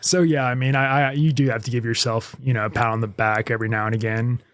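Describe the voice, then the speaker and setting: A man's voice: mid-range voice, flat delivery, fast, no room sound. A young man, chatting casually as a podcast guest about his music and baking. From Memphis. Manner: laid-back, many fillers and restarts.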